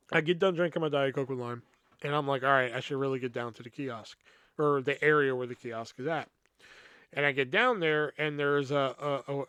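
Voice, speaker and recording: A man's voice: medium pitch, a bit bright, clean tone, no echo. A man hosting a podcast, telling a long casual story in a rambling, profane way with lots of filler words. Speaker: podcast host.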